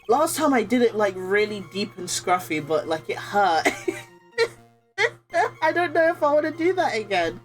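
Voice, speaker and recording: A woman streamer making chatty, giggly asides in an ordinary middle voice. Soft game music plays under her talk. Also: medium pitch, sing-song, measured pace, long pauses. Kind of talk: casual game commentary.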